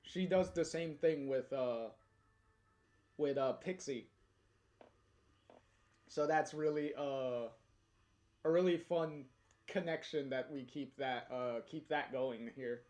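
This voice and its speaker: A man giving casual commentary in a halting way with many fillers. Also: medium pitch, a little mellow.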